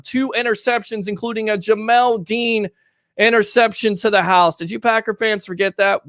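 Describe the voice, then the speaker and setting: A man's voice: high voice, a bit bright, no echo, studio quality. A man hosting a live call-in sports show, talking emphatically and reading fan comments aloud. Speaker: sports talk show host.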